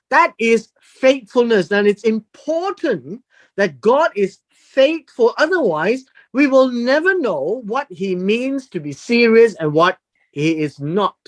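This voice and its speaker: A Bible teacher working slowly through a passage, stretching out key words with an unhurried pace. The pitch rises and falls a great deal, and points are driven home with emphatic repetition. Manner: deliberate, emphatic, explains word meanings with repetition.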